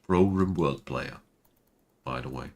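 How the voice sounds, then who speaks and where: With a slow, somewhat mellow bass voice and a German accent, a man chats casually while streaming a game and commenting on it. He's talkative and laughs at himself as he goes.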